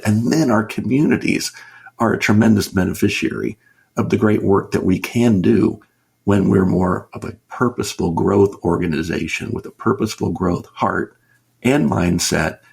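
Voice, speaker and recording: A man's voice: fairly low pitch, creaky, a little mellow, husky. A middle-aged man speaking earnestly as a guest in a conversational interview, stressing his points and asking rhetorical questions. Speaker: business author and consultant, guest.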